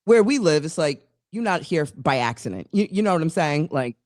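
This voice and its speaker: A woman with a low voice talks fairly quickly as co-host of a casual talk show. Her long, animated story rambles, restarts, and drifts into asides, and the recording is dry and studio-clean.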